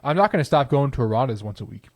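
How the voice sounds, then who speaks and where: A young man on a podcast fires off his opinions rapidly and with animation, confident and playful in casual chat. His voice is medium-pitched, and he tends to trail off and restart. The recording is dry.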